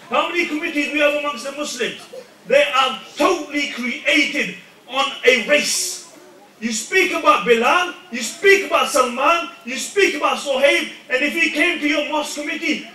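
Impassioned high-voiced preacher in an echoey hall. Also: male voice, moderate pace, distant mic. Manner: impassioned, rising to shouts. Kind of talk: sermon.

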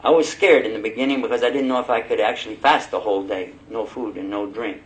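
A man preaching a sermon, telling personal stories in a lively way and laughing as he goes. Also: lowish voice, fast talker, poor audio. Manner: animated, laughing storyteller. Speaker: Muslim preacher.

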